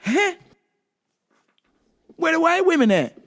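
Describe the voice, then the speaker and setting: A woman's voice: very high-pitched, big pitch swings, takes it slowly, crowd noise. A woman hosting a podcast, telling profane, joking stories in a casual comedic monologue and acting out sounds and voices. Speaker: podcast host.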